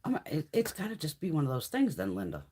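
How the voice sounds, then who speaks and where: Fast and dark-toned, with a breathy edge, her low-sitting voice swings hugely in pitch. This middle-aged beauty livestream host tells casual stories bluntly, swearing frequently and laughing.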